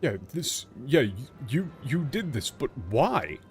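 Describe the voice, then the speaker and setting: A male streamer explains a game's lines at length, in a loose and chatty way. He gets animated and swears often, talking into a streaming mic. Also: medium pitch, measured pace, faint music behind. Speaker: streamer translating a game. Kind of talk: casual game commentary.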